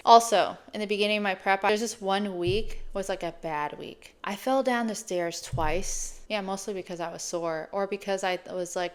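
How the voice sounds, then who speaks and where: A woman's voice: mid-range voice, clean tone. Chatty woman in her thirties. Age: 30s. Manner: chatty, animated, laughs often. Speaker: fitness coach. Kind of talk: casual reflective vlog.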